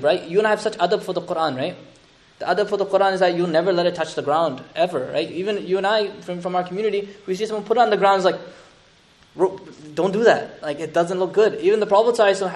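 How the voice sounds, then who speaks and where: A male Islamic teacher delivers a lively, chatty sermon. His speech is rapid and his voice sits high. He slips Arabic phrases into the flow. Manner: animated, conversational, sprinkles Arabic terms. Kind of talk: sermon, storytelling commentary.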